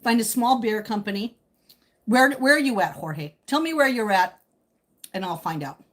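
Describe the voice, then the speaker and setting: Chatty husky-voiced woman live-streaming. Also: mid-range voice, lively intonation, moderate pace. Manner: chatty, teasing, reads out and answers viewer comments; speaks while eating. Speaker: livestream host chatting with viewers. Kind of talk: casual live stream chat.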